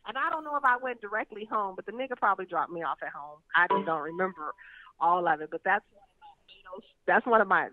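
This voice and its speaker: A woman's voice: medium pitch, lively intonation, fast, background noise. Blunt laughing woman on a phone line. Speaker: interview guest. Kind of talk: candid storytelling over the phone. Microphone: phone call.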